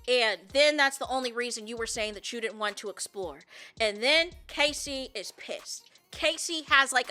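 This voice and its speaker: A woman hosting a podcast, recapping a reality show in an animated way and acting out what people said. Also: fairly high pitch. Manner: animated storyteller, acts out quotes, often says "you know what I'm saying". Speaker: podcast host.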